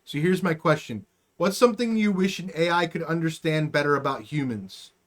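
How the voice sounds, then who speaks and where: A man's voice: on the high side, brisk. A man hosting a casual livestream talk show, joking crudely and hyping the next episodes. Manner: crude, joking, hyped sign-off. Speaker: podcast host.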